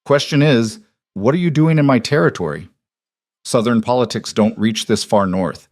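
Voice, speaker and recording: A man playing a rough, hard-edged wolf chief. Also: medium pitch, moderate pace, a little mellow, no echo, lightly acted. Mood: commanding. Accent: rough northern mountain accent. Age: 50s. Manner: rough, dry and commanding. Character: weathered rebel wolf chief of about fifty, rough and hard.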